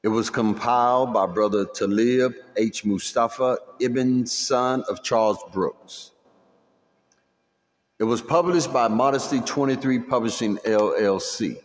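A man with a mid-range voice reads in a measured, solemn way as a podcast host. His words trail off into a long reverb. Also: mid-range voice. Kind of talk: religious recitation and podcast talk.

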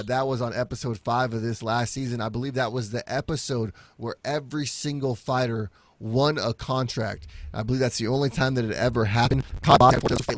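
Man, casual podcast co-host, quick fight rundown, dry close sound, middle pitch. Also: no room sound. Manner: brisk fight rundown, swears, laughs easily. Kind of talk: casual sports chat.

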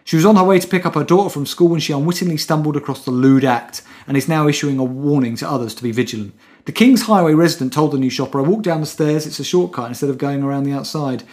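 A man's voice: a little high, fast, a little mellow. A man co-hosting a casual podcast, reading out news stories and reader comments with wry, mock-serious asides. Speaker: podcast co-host.

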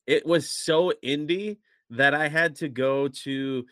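A man's voice: a little high, slow, a bit bright, no echo. Rambling male podcast co-host, dry sound. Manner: rambling, chuckles between phrases. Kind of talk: casual chat.

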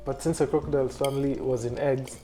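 A man's voice: mid-range voice, steady tone, fast talker, background noise. A man in casual chat, telling family stories with playful exaggeration, laughing often and restarting his sentences. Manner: repeats words and restarts a lot.

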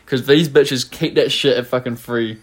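A man co-hosting a casual podcast. His voice sits at a middling pitch, and he trips over his words, cracks crude jokes and laughs often. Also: steady tone, normal speed, a little hiss or hum. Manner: stumbling restarts, crude jokes, laughs a lot. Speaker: podcast co-host.

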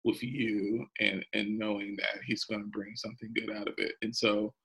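A lower-pitched man with a husky, slightly breathy voice, talking as a pastor on a podcast. He speaks earnestly and rawly about his faith, laughing now and then through the emotion. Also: little pitch movement, moderate pace, a bit bright, poor audio. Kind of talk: personal faith testimony in a podcast interview.

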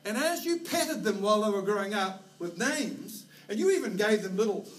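A New Zealand pastor with a high-pitched voice preaches a sermon from the stage of a church auditorium at a normal speed. He tells stories with animated energy, sometimes shouting out herding calls. The recording comes from a distant hall mic, roomy with a faint background hiss.

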